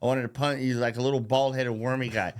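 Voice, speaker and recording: A man's voice: mid-range voice, little pitch movement, fast talker, smooth. A man hosting a podcast in a casual political rant, profane and rambling, mocking, and laughing at his own jokes. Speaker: podcast host.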